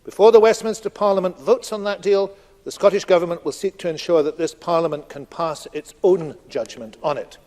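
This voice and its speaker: A man speaking as a government minister in a large debating chamber, combative and emphatic, leaning on repeated phrases to drive points home. His voice sits a little high for a man. A long reverb from the hall trails each phrase. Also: brisk, warm tone. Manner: emphatic, combative, rhetorical repetition. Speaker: cabinet secretary giving a ministerial statement. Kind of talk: formal parliamentary speech.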